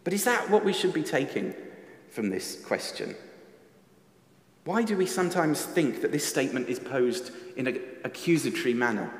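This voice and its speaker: A man giving a reflective sermon in a church, often asking his listeners questions. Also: a little high. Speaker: preacher. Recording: echoey church hall reverb.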